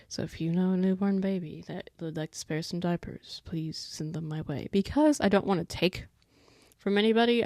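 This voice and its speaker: A woman's voice: lowish voice, no room sound, clean studio sound. A woman in her twenties hosting a casual solo podcast, rambling chattily and breaking off to talk to her pet. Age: 20s. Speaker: podcast host.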